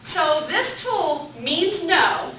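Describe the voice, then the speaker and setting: A woman's voice: very high-pitched, lively intonation, drawn-out words, pushed and bright, a little hiss or hum. A woman teaching a parenting class, upbeat and questioning the group and echoing back their answers. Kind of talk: interactive classroom lecture. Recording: echoey room from a distant mic.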